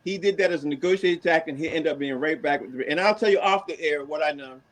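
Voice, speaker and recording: A man with a Boston accent, co-hosting a casual sports podcast, teasing his partner and laughing often. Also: quick pace. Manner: teasing, laughs a lot, pitch jumps when mocking. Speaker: podcast co-host.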